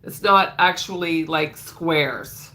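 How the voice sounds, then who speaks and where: A woman's voice: low-pitched, slow, pushed and bright. A woman hosting a crochet livestream, chatting casually in a rambling way and greeting viewers by name, her voice stuffed up and nasal.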